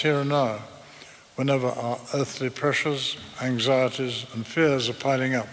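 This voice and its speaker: A man, preaching a sermon in a measured storytelling way. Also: mid-range voice, pushed and bright, in a large hall, a little hiss or hum. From eastern England. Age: 80s. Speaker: pastor.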